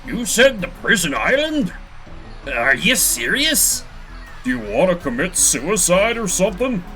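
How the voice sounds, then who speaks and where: Man doing a loud, brash cave gatekeeper. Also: high-pitched, sing-song, measured pace, soft background music, pitched above the performer's own voice, heavily acted. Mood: gruff. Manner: blustery, shouting from a distance.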